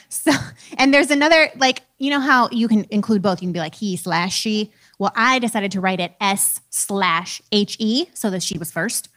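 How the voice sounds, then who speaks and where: A woman's voice: medium pitch, animated, moderate pace, fairly bright tone. A woman in her thirties, a preacher and teacher, giving a casual, conversational talk with a self-deprecating manner.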